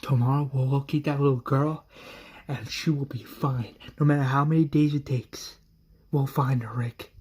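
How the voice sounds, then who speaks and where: A man's voice: medium pitch, steady tone, moderate pace, a little mellow, breathy edge, close to an everyday voice. A man voicing a loyal friend who rallies a distraught leader in an earnest tone. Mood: rallying. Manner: earnest, rallying. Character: steady encouraging male friend, adult.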